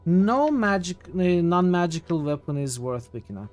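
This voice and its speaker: A man's voice: sits high, big pitch swings, moderate pace, a little mellow, faint music behind. A man streaming a role-playing game, reading its text aloud and chatting casually with his viewers.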